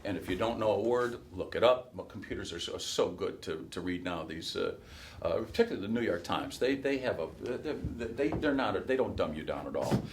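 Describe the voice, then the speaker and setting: A middle-aged man from Chicago with a softened Midwest accent and a flat nasal tone, talking loosely to a workshop audience with many fillers and restarts. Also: deep voice, a little fast, a little hiss or hum. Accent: softened Midwest American. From Chicago, USA. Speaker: race caller giving a workshop. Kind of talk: casual talk to a workshop audience.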